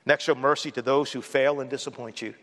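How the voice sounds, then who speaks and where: Preacher in a reverberant hall. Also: male voice, mid-range voice, fairly even intonation, a little fast, fairly bright tone, slight background noise. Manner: conversational storytelling preacher, mimics others with a raised voice. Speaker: pastor. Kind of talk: sermon.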